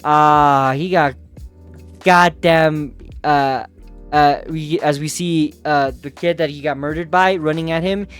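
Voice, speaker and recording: Man, fairly high voice, smooth and clear, swears a lot, laughs often, lots of fillers, casual comic recap. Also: fairly even intonation, slow, a bit bright, soft background music. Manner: profane, laughing, filler-heavy. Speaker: manhwa recap host.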